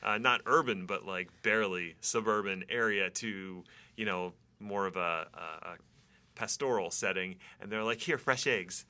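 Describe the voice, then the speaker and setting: Sharp, bright-toned joking interviewer. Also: male voice, low voice, fairly even intonation, moderate pace, clear, resonant tone. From Philadelphia area. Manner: jokey, laughs often. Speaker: podcast host. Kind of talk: casual podcast interview.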